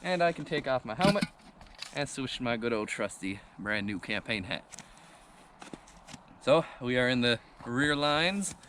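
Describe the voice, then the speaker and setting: A man chatting casually to camera in a relaxed show-and-tell way. He is outdoors in a trench, and a faint hum of outdoor noise sits behind his mid-pitched voice. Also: a little slow, pauses often. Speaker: vlog host, reenactor.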